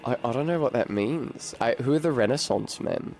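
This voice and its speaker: A man's voice: mid-range voice, expressive, moderate pace, vocal fry, darkish tone, soft background music. A man streaming a video game, chatting casually in a rambling, profane and wry way. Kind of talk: casual gameplay commentary.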